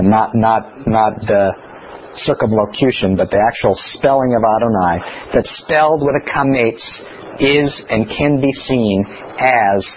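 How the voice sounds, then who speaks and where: A man teaching scripture in a chatty, animated way, telling stories between points. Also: lowish voice, muffled recording, slight background noise. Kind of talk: bible teaching.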